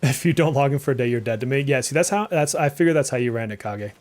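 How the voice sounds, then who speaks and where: A man's voice: mid-range voice, quick pace, a little mellow, faint music behind. A man in his thirties from Massachusetts with a slight Massachusetts accent, chatting in a rambling way while streaming a game live and reacting aloud to play. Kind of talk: casual live gameplay chat.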